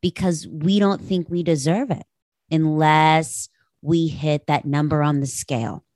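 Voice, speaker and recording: Woman, podcast host, unhurried, candid storytelling, dry close mic. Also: low voice, fairly even intonation, a little mellow, no room sound. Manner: candid, reflective, laughs easily. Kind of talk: personal storytelling monologue.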